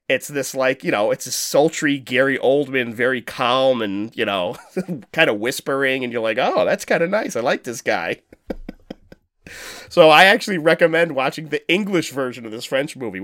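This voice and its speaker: A man talking loosely on a podcast, rambling from one point to the next, with lots of swearing and quick laughs. His voice sits in a middle register and sounds dry and close to the mic. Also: mid-range voice, fairly bright tone, no echo. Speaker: podcast co-host. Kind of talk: casual chat.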